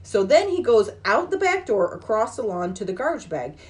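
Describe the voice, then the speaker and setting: A podcast host in her forties casually recaps a film, retelling scenes and swearing freely as she acts out characters' lines in quick asides. Her medium-pitched voice is a little mellow and has big pitch swings.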